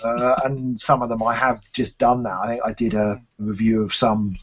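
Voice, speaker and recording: A man's voice: mid-range voice, little pitch movement, normal speed. A man, chatting casually and self-deprecatingly as an interview guest about his work. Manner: chatty, self-deprecating, lots of "kind of" and "you know". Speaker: interviewee, games reviewer and TV presenter. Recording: dull lo-fi sound.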